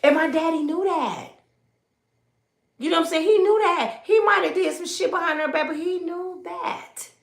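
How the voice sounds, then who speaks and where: A middle-aged woman, hosting an animated commentary and talking emphatically as she acts out the people in her stories. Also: extremely high pitch, normal speed, vocal fry. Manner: emphatic, preachy, acts out quoted voices. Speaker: commentary channel host. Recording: echoey room.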